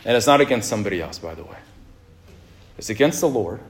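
A man preaching a sermon in a relaxed, conversational way, with jokes and asides to the congregation. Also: lowish voice, fast talker. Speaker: pastor. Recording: echoey room.

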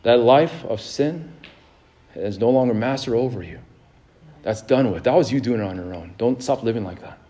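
A male pastor delivering a sermon, moving between fervent exhortation and calm storytelling, with frequent fillers and repeated words. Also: medium pitch, moderate pace. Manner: rising fervor, then a calm storytelling tone.

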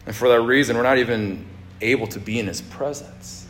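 A man preaching a sermon in a relaxed, conversational way, with jokes and asides to the congregation. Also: mid-range voice, fairly quick, slight background noise. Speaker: pastor. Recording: echoey room.

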